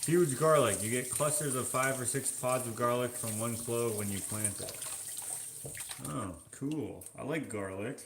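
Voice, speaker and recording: A man's voice: medium pitch, echoey room, background noise. A man from Canada chatting casually while washing dishes, reading viewer comments aloud in an offhand, joking way. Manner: slow, offhand, musing and joking. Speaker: vlogger.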